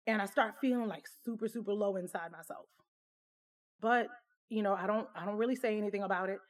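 A woman's voice: medium pitch, brisk. A woman casually telling a personal story to camera, candid and conversational. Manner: candid, conversational, full of fillers.

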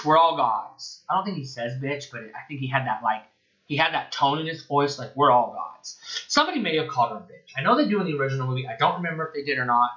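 Sarcastic, bright-voiced man ranting casually. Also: medium pitch, dull audio. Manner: sarcastic, profane, rambling. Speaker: film reviewer podcaster. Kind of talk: casual spoken review.

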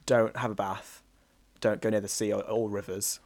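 A man's voice: fairly low pitch, flat delivery, moderate pace, a loud crowd. A man from North East England co-hosting a podcast in casual comedic chat, joking crudely and laughing often. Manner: giggly, crude, mocking. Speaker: podcast co-host.

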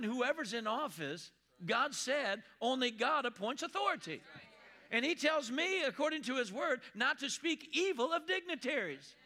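A male pastor preaching a sermon, repeating key lines slowly for emphasis, reading scripture with deliberate pacing and asking the congregation for responses. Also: very high-pitched, vocal fry, sharp tone. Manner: conversational asides with call-and-response.

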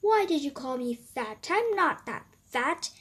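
A woman's voice: high voice, big pitch swings, unhurried, a bit bright, pitched above the performer's own voice, heavily acted. A woman doing a sulky fat golden retriever. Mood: indignant. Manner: sulky, defensive. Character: big plump lazy male golden retriever, touchy.

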